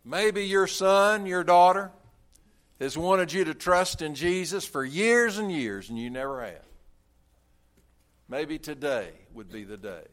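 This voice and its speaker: A male pastor delivering a sermon in an earnest, emphatic manner. His phrases are drawn out and slow, and his voice sits fairly high for a man. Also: fairly bright tone.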